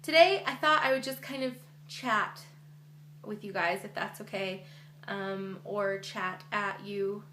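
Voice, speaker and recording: A woman's voice: medium pitch, sharp tone. A young woman vlogger chatting earnestly to her camera, with lots of fillers. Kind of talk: casual chat to camera. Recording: echoey room with faint hum.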